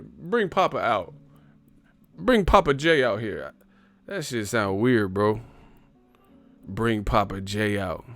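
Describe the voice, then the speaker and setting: A man hosting a livestream, reading super chats and ranting in a casual comedic way, profane and animated, laughing often. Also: mid-range voice, slow pace, long pauses, no room sound, faint music behind.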